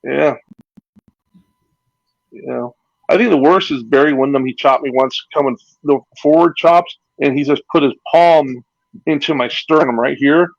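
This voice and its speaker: Gravelly-voiced man telling wrestling stories. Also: medium pitch, moderate pace, no room sound, muffled recording. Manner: rambling anecdotes with acted-out quotes and laughs. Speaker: retired pro wrestler, guest. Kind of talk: casual storytelling interview.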